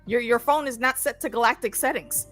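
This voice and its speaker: An animated woman co-hosting a casual talk about a TV episode, her voice pitched fairly high. She swears freely and acts out the characters as she talks. Faint music plays underneath. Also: brisk. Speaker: podcast co-host. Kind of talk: casual chat reviewing a TV episode.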